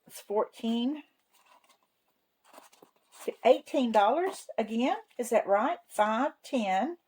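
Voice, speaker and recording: Slow-talking folksy woman counting cash. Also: on the high side, expressive, a little mellow, slightly rough, rough recording. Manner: folksy, talks to herself while counting money aloud. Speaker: savings channel host. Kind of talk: casual cash-stuffing vlog narration.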